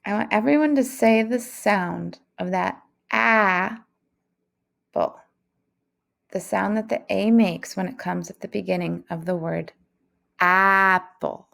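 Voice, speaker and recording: A woman's voice: mid-range voice, gravelly, a bit bright. A woman teaching a phonics lesson to young children, speaking in a patient, encouraging way. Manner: slow, patient, encouraging classroom delivery.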